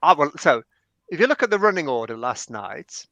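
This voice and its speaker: A man's voice: on the high side, big pitch swings, fairly quick, creaky, sharp tone, no room sound. Teasing man hosting a live panel. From Bradford, England. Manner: teasing, playful. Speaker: panel show host.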